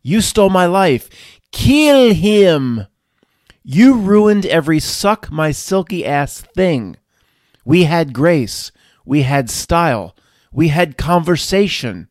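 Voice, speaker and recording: A man imitating a bitter, ruined Frenchman in a mock French accent, loud and exaggerated. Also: fairly high pitch, animated, slow pace, no echo, studio quality, pitched above the performer's own voice. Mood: mocking rant.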